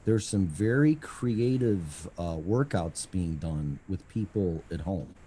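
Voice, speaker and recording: A man's voice: low-pitched, expressive, slow, dark tone, slight background noise. A man hosting a casual live talk stream from home, rambling, sarcastic and full of swearing. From Colorado. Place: at home, audio only.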